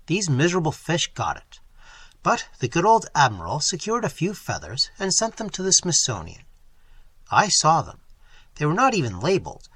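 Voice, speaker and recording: A man's voice: on the high side, bright, forceful tone, breathy edge, dry recording, heavily acted. A man doing a mild, fatherly old professor. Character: older male professor, mild and fatherly scholar.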